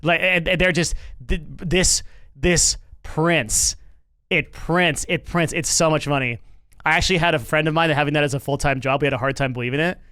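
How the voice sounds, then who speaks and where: A man's voice: fairly high pitch, normal speed, bright, forceful tone, no room sound. A man streaming and reacting to news in casual commentary, rambling with lots of fillers, restarts and swearing.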